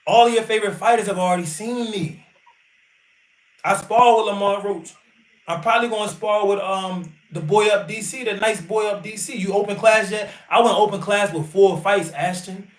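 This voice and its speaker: A man's voice: high voice, normal speed, reverberant. A man, a boxer hosting a livestream, talking bluntly and boastfully with lots of swearing. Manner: boastful, blunt, profane trash talk. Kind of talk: casual livestream talk.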